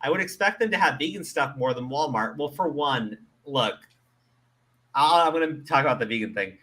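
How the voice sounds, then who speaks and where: A man from the Middle East hosts a casual commentary show, ranting in an animated, profane way with lots of laughter and stammered restarts. His voice is a little high and his speed is normal.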